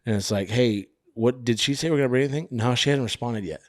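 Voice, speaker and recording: A man's voice: mid-range voice, fast, no echo, clean studio sound. A young married man co-hosting a casual podcast, rambling through stories and acting out what people said. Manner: rambling, acts out quotes with a mocking voice. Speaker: podcast co-host. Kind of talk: casual chat.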